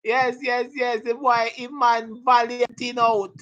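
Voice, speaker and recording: A woman's voice: a little high, flat delivery, slow pace, a bit bright, muffled recording. A woman teaching a live exam prep lesson, joking and laughing with her students as she goes. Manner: playful, laughing, hypes up students.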